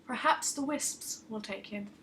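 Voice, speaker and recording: A woman voicing a calm, gentle young woman in a storybook reading, speaking softly and evenly. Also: medium pitch, measured pace, lightly acted, poor audio.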